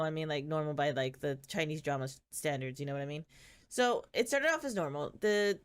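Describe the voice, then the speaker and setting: A woman with a fairly low voice chats through a drama recap for her channel. Her delivery is wry and sardonic, loose and conversational, and often breaks into laughter. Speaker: channel host. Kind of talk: casual drama recap vlog.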